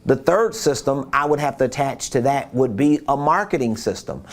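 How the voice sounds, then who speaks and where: A man's voice: medium pitch, lively intonation, moderate pace. Emphatic man coaching on business. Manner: emphatic, repeats key points; acts out quotes with voices. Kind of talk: coaching talk.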